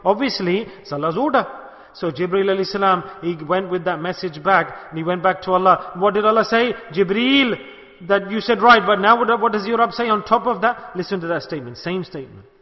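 A middle-aged Sufi sheikh from the United Kingdom, high-pitched and brisk, gives a sermon-style talk, telling stories, acting out quoted lines, and urging his listeners on. His voice trails into a long hall reverb on a dull, lo-fi recording.

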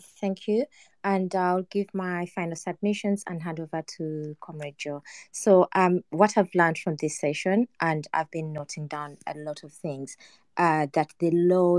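A woman's voice: deep voice, dark tone, dry recording. A woman co-host with a Ugandan English accent giving earnest closing remarks in an online audio discussion. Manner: earnest, summing up points.

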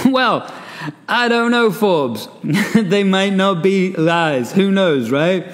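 Chatty man with a fairly high, animated voice. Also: very slow, big-room sound. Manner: animated, chatty, laughs often, asides with "right?". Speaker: podcast host and coach. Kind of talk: solo podcast talk, reading an article aloud.

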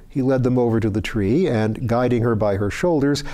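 A man hosting a book reading, narrating fiction in a steady, even storytelling voice. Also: mid-range voice, moderate pace. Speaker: reader.

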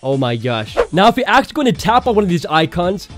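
A man hosting a casual tech video, excitable and laughing often as he walks through a phone trick. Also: high voice, fast talker, music in the background.

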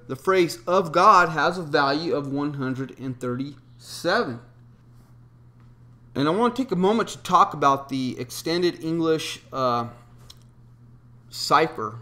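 A man whose voice sits on the high side with a fairly bright tone presents a solo explanatory video. He methodically lays out long strings of numbers and reads scripture quotes, filling the monologue with frequent ums and uhs.

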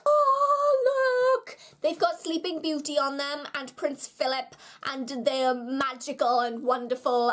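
A young woman from the UK, chatting in a bubbly, self-mocking way as she shows off her shopping haul for her vlog. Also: high-pitched. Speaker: vlogger.

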